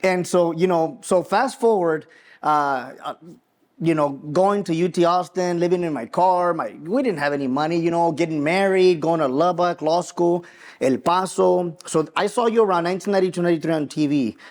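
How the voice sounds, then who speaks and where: A man in his forties from Mexico, raised in West Texas, co-hosting a podcast and telling an earnest, animated personal story with frequent restarts. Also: a little high, normal speed. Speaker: podcast co-host, attorney.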